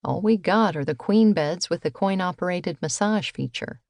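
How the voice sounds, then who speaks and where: A woman's voice: fairly low pitch, moderate pace, vocal fry, darkish tone, no echo. A woman voicing a curt, wry motel manager. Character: tired rundown-motel manager, adult man, wry.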